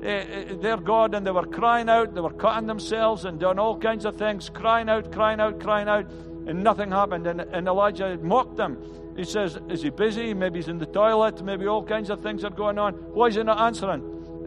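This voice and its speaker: A man's voice: high voice, in a large hall. A male pastor preaching an earnest sermon, often stumbling and restarting his words. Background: band music.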